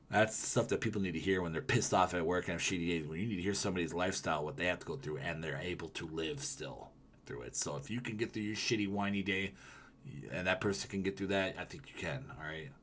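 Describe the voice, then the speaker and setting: A man hosting a live stream in loose, profane chat that drifts from topic to topic. His voice sits a little low, and he breaks into loud ranting bursts. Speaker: livestreamer. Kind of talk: casual stream chat, reading comments.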